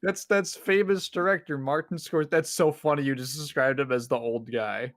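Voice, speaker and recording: A man's voice: a little high, fairly even intonation, normal speed, a bit bright. A man guesting on a casual gaming stream, making dry joking asides. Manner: dry jokey asides, laughs at his own bits.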